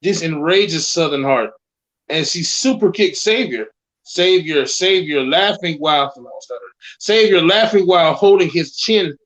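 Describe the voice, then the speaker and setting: A man's voice: fairly high pitch, expressive, measured pace, a bit bright, rough recording. A man co-hosting an online show, reading a scripted wrestling storyline aloud, sometimes tripping over words and adding his own reactions. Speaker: co-host.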